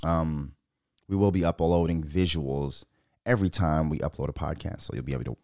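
A man from Minnesota hosting his own podcast, talking casually, swearing a lot and riffing into animated rants. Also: extremely low pitch, brisk, vocal fry, no echo, studio quality. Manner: profane, animated, riffing and ranting. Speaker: podcast host. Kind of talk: casual solo podcast rant.

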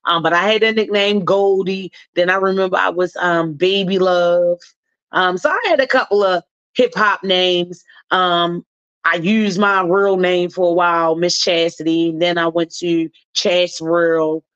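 A woman's voice: lowish voice, fairly even intonation, unhurried, a bit bright, clean tone, no echo. A woman hosting a radio talk show, chatting loosely about celebrity news in a slangy way and drawing out her emphasis. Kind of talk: casual commentary on celebrity news. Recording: dull lo-fi sound.

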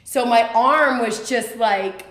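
Animated storytelling woman, echoey room. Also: fairly high pitch. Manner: animated, quick, lots of fillers. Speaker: podcast guest. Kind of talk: personal storytelling.

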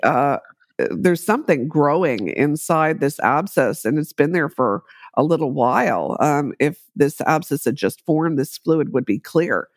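A woman's voice: low voice, animated, no room sound. Woman recounting a story in a dry room. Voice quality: measured, explanatory with frequent fillers. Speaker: interview guest. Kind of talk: conversational interview.

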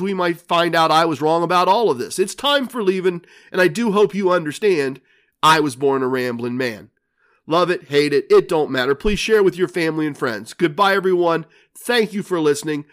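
A man's voice: fairly high pitch, fairly bright tone. Wry older man telling a casino story. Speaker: podcast host. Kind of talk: storytelling podcast monologue.

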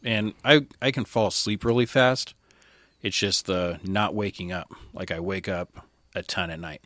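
Casting: young adult man, low voice, candid storyteller, dry close mic. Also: normal speed, a bit bright, dry recording. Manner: candid, conversational, quoting others as he tells it. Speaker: podcast guest, firefighter. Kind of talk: casual storytelling.

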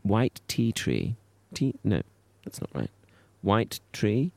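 A man's voice: lowish voice, wildly swooping pitch, takes it slowly, vocal fry, darkish tone, slightly rough. A man co-hosting a podcast, camp and teasing in casual banter. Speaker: podcast co-host. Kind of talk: casual chat.

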